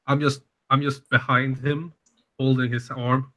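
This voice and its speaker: A man's voice: mid-range voice, little pitch movement, a little slow, sharp tone. A man taking part as a player in a tabletop game, describing his moves casually.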